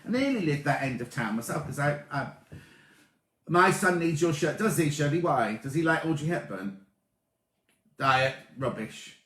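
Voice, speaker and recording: Chatty, lively man in an echoey room. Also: on the high side, normal speed. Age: 30s. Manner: chatty, excitable, greets viewers by name. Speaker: sewing livestream host. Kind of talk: casual live-stream chat reading comments. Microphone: tablet or camera mic.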